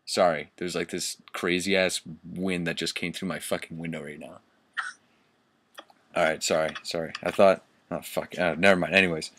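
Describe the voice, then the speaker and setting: A man's voice: low-pitched, flat delivery, moderate pace, a bit bright. A man reading badly written fan fiction aloud for laughs, amused and stumbling over misspelled words. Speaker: reader.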